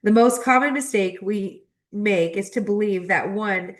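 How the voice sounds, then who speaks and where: A woman's voice: medium pitch, a little slow. Emotional woman reading a spiritual text. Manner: emotional, choked up and laughing between passages. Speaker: spiritual astrology channel host.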